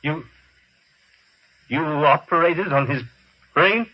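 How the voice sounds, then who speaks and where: A man's voice: on the high side, takes it slowly, slightly rough. An actor playing an earnest, anxious man in a 1950s radio drama, speaking urgently. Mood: alarmed. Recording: lo-fi vintage radio recording.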